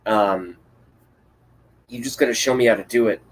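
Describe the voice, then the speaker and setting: A man's voice: medium pitch, normal speed, poor audio. A man hosting a livestream, delivering an angry, profane political rant with contempt. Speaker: livestream host.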